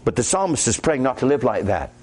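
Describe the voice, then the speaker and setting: A man's voice: mid-range voice, sing-song, fast talker, a little mellow. A man with a Midwestern American accent preaching a sermon as pastor, conversational and quoting scripture aloud.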